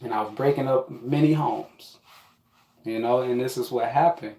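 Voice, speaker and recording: A man tells a rambling, profane story about his past in a casual monologue. His voice sits at an ordinary pitch for a man. The room around him is echoey. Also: normal speed, gravelly. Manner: profane, rambling, animated with quoted asides.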